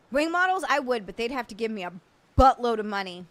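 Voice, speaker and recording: Giggly, chatty woman streamer, slightly high. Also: very animated, quick pace, fairly bright tone, slight background noise. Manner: chatty and giggly, often breaking into laughter; blunt and playful with crude jokes. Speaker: live streamer. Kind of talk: casual livestream chat answering viewers.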